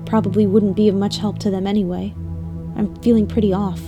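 A woman's voice: mid-range voice, flat delivery, brisk, over music, natural voice. A woman voicing a bewildered, pleading husband. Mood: subdued. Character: bewildered deluded husband, adult man, gentle.

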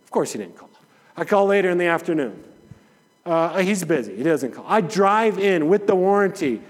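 A man's voice: sits high, sing-song, fairly quick. A man preaching a sermon in a conversational, storytelling way, acting out the people in his anecdotes. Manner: conversational storytelling, acts out dialogue. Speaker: pastor. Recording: long hall reverb.

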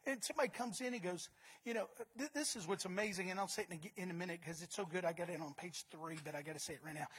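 A woman preaching a sermon, emphatic, repeating words and swinging between loud and soft. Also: a little high, slightly rough.

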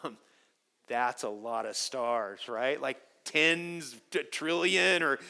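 A man preaching a sermon to his church, telling stories with lively swings from quiet to loud. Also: mid-range voice, unhurried. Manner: animated storytelling, swings from soft to loud. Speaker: pastor.

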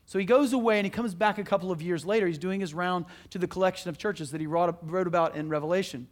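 A man preaching a sermon as pastor, telling a story in an animated, emphatic, conversational way in a church. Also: high-pitched, fast.

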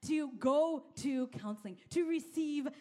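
A middle-aged woman pastor giving an energetic, conversational sermon and calling out to her congregation. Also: sits high, unhurried.

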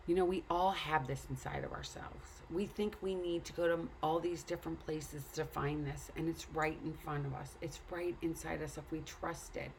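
A woman's voice: sits low, steady tone, normal speed, vocal fry, hardly any pauses, a little hiss or hum. A woman telling a story and earnestly urging the listener to take care of themselves. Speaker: speaker. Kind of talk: casual motivational talk.

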